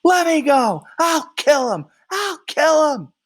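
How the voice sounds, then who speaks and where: A man reading a play aloud and voicing a furious, bullying middle-aged male juror who shouts and rants. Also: medium pitch, sing-song, measured pace. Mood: yelling. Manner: shouting, ranting.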